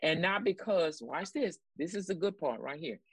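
Her voice is lowish and animated, with a breathy edge, at a moderate pace and without any room sound. Co-hosting a ministry broadcast, she preaches with emphatic repetition and exclamatory praise, encouraging those listening.

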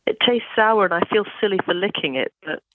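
A performer slowly describing a memory in a reflective, poetic improv warm-up. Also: medium pitch, expressive, no echo. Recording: tinny phone-like line.

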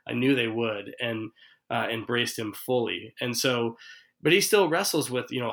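A man's voice: medium pitch, normal speed, fairly bright tone, low-quality recording. A man hosting a podcast conversation in an earnest, reflective way, retelling stories with quoted dialogue. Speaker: podcast host. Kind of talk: casual conversational interview.

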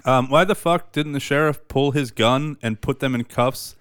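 Smooth-voiced joking male podcast host. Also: mid-range voice, normal speed, fairly bright tone, no echo, clean studio sound. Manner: joking, blunt, swears casually. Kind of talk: casual chat.

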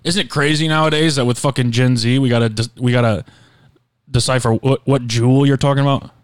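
A man co-hosting a podcast, deadpan and profane, tossing out absurd questions in casual comedic chat. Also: mid-range voice, a little fast, smooth, no echo. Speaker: podcast co-host.

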